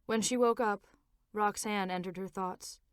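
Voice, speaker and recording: Woman author narrating her own novel, smooth clear voice, dry close recording. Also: medium pitch, no echo. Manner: measured, expressive reading. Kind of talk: audiobook narration.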